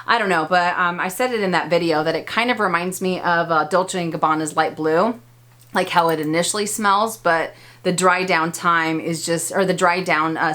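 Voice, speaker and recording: Chatty woman vlogger, slightly low voice. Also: fairly bright tone. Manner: chatty, enthusiastic, frequent fillers and laughs. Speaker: beauty vlogger. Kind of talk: casual product review.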